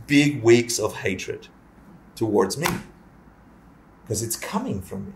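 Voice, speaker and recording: A man's voice: mid-range voice, expressive, takes it slowly. A man teaching a casual Buddhist class, joking, swearing and acting out little scenes as he explains. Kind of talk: lively casual dharma class. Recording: echoey room.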